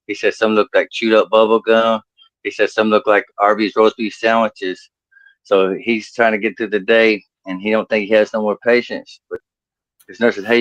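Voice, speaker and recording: Low-voiced man telling crude stand-up jokes. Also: fairly bright tone, dry recording, lo-fi sound. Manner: crude, laughs at his own jokes. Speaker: stand-up comedian contestant. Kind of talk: stand-up comedy set.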